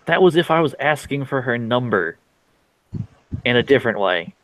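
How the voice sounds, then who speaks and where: A man's voice: mid-range voice, sing-song, normal speed, fairly bright tone, no echo, poor audio. A man playing a tabletop role-playing game, describing his character's actions hesitantly with many fillers. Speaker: player. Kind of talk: casual tabletop play.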